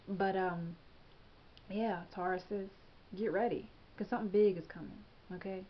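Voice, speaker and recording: A woman's voice: mid-range voice, steady tone, normal speed, dull audio, slight background noise. A woman hosting her own astrology channel, talking casually and emphatically to camera, often asking "okay?" and laughing as she gets tongue-tied. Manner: chatty, emphatic, frequent "okay?" and "you know". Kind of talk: casual tarot-style forecast to camera.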